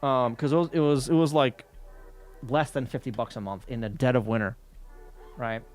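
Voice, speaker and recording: A man's voice: medium pitch, steady tone, moderate pace, soft background music. A man streaming while scanning old workbooks, ranting about a utility bill in casual, heavily profane chat.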